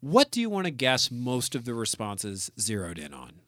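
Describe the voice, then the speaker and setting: A man co-hosts a casual podcast in a bright, forceful voice, wry and animated as he jokes and reads listener comments. The sound is close and dry, with no room around it. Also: medium pitch, moderate pace, dry recording. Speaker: podcast co-host.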